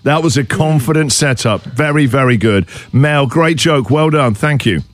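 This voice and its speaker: A man's voice: mid-range voice, moderate pace, no echo, soft background music. A man hosting a breakfast radio show, chatting and teasing callers in a joking way. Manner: jokey, teasing, laughs often. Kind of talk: casual radio banter.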